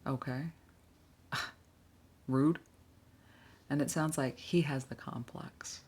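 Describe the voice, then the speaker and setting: A woman's voice: a bass voice, slow, darkish tone, husky. A woman giving casual, blunt reaction commentary on workplace stories, sighing often with exasperated asides.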